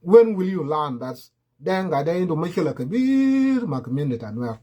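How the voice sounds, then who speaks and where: A man's voice: fairly high pitch, sing-song, normal speed, warm tone, lo-fi sound. A man giving impassioned political commentary, repeating his warnings.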